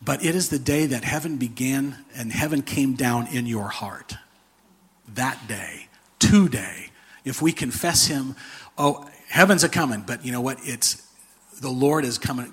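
A man preaching a sermon in an animated, conversational way, with a husky voice. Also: medium pitch, measured pace. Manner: animated, conversational, with frequent restarts and laughter. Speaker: pastor.

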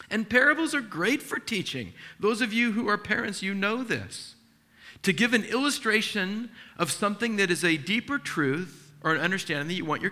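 A middle-aged male pastor with a high voice preaches a sermon, telling stories in an animated, earnest, emotional way and acting out the dialogue.

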